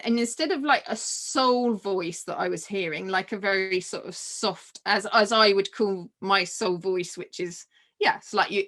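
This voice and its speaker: Female guest, mid-range voice; lively anecdotal storyteller with frequent laughs and restarts. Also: mid-range voice. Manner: animated, laughs often, many restarts and fillers. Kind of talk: personal storytelling in a conversation.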